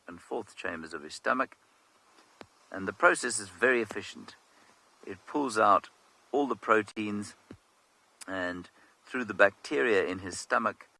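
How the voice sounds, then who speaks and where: Guy doing live safari commentary, lowish voice, really bright tone, dry jokes, outdoors on a drive. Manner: informative, dry humor. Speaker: safari guide. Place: open vehicle outdoors in the bush.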